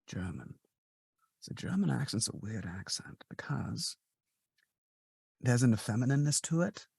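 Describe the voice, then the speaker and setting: A man talking as a guest in a casual podcast interview, chatty and verbose, telling stories in an animated way. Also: medium pitch, measured pace, gravelly, slightly rough, no room sound, clean studio sound. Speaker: guest, ASMR artist and actor.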